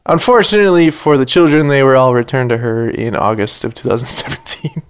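A man's voice: medium pitch, brisk, clean tone. Man reading news with dry asides. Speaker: podcast co-host reading news. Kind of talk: casual drinking podcast chat.

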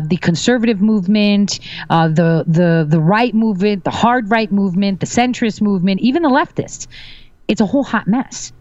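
A woman's voice: mid-range voice, a little mellow, no echo, highs cut off. A woman guest on a casual political talk show, speaking assertively and making confident predictions. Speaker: guest commentator.

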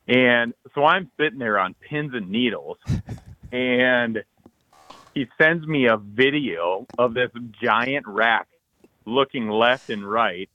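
A man co-hosting a podcast, telling an excited hunting story full of acted-out quotes and loud bursts. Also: mid-range voice, slow, no echo, muffled recording. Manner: animated, loud bursts, frequent "like", acts out texts and quotes.

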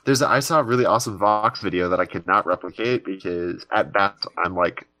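A man's voice: lowish voice, a little fast, sharp tone, dry recording. A man from Minnesota co-hosting a podcast, chatting casually and upbeat, laughing often. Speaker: podcast co-host. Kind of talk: casual chat.

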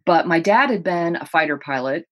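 Woman guest, author, lowish voice, earnest vivid storyteller. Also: animated, moderate pace. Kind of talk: interview storytelling.

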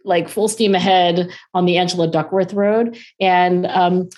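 A woman in her forties with a somewhat low voice talks as a guest on an interview show. She speaks briskly and loosely, with plenty of "like" and "um", and she often acts out bits of conversation. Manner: animated, acts out quoted dialogue in raised voices; fast-talking with frequent "like" and "um".

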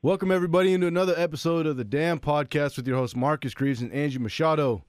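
A man's voice: on the high side, fast, no room sound, clean studio sound. A man co-hosting a casual sports podcast, a former college football player who tells stories with energy and acts out his own quotes.

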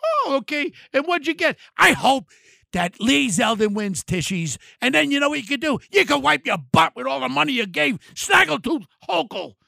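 An older man, ranting angrily and mockingly about politics on his podcast, shouting in bursts. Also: extremely high pitch, sing-song, moderate pace, vocal fry, no echo, clean studio sound. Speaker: podcast host. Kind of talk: angry political rant.

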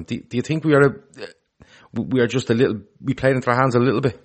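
A man co-hosting a casual football chat show, animated and opinionated, swearing freely. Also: medium pitch, quick pace, slightly rough. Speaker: podcast co-host.

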